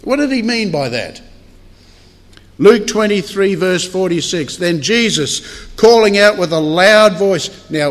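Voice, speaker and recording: A man preaching a sermon in a church hall, earnest and measured, with deliberate pauses. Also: high-pitched, expressive. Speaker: pastor. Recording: long hall reverb.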